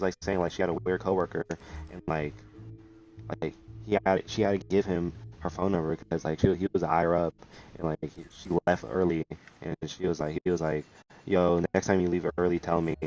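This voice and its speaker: Young man, very low voice, storytime vlogger; loose and rambling, slang-heavy, faint music underneath. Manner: rambling, full of restarts and slang. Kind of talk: casual storytelling.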